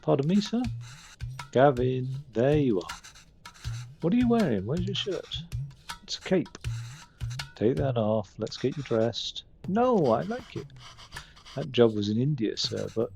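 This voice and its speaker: A man's voice: medium pitch, big pitch swings, unhurried, gravelly, pauses often, a little mellow, soft background music. A man streaming a game live, reading the characters' lines aloud and commenting between them.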